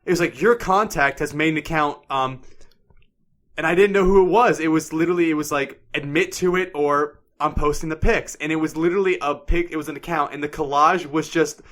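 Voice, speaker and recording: Young man, podcast co-host, fairly high voice, animated, profane storytelling. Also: brisk. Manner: animated storyteller, profane, acts out angry quotes. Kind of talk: casual chat.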